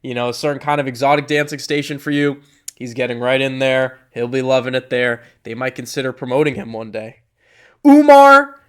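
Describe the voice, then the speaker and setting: A man's voice: medium pitch, flat delivery, brisk, smooth. A young man giving casual, joking tier-list commentary, rambling and cutting himself off as he goes. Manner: rambling, jokey, self-interrupting.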